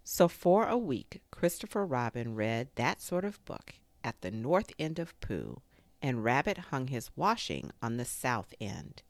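A woman storyteller reading a children's tale with a low voice that swings widely in pitch. She takes her time, and the recording is close and dry. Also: no room sound. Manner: expressive, unhurried storytelling.

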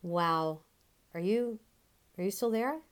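A woman performing a theatrical monologue, telling a story in a conversational, animated way with casual swearing. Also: on the low side, slow pace.

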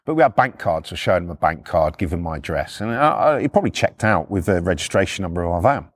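In quick, expressive speech, a middle-aged man from the UK tells his own stories on a podcast, swearing bluntly and acting out quotes by shifting pitch. The audio is clean studio sound without room noise.

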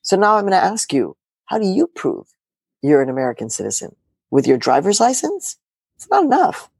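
Middle-aged woman journalist, lively swooping delivery, emphatic and sarcastic, dry close sound. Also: on the low side, brisk, gravelly, breathy edge, no echo. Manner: emphatic, rhetorical questions, sarcastic asides. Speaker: journalist guest. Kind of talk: animated political interview talk.

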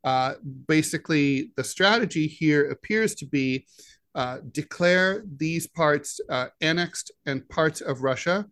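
A man co-hosting a political podcast, his voice sitting a little higher than most men's. He talks in a halting way and fills his pauses with "uh". The sound is close and dry, with no room around it. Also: fairly bright tone, dry recording. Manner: halting delivery with many "uh" fillers. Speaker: podcast co-host, editorial cartoonist.

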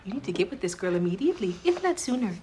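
A bossy, opinionated young woman, played by a woman, talking fast and mid-pitched. Faint noise lies under the clip. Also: very animated, warm tone, natural voice. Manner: bossy, quick outrage. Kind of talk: sitcom acting.

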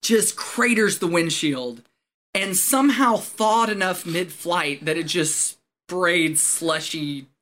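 A man, a former Marine, telling a story in casual chat, animated and profane, often laughing as he talks. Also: high voice, slow, slight background noise.

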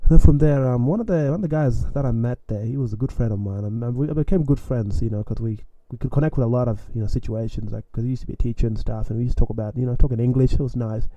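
Young male podcast storyteller from Australia, very dark tone, lively and self-mocking, dry recording. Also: mid-range voice, fast, few pauses, dry recording, muffled recording. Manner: animated, self-mocking, acts out his own panic; repeats lines and ends phrases with "man". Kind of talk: casual spoken storytelling.

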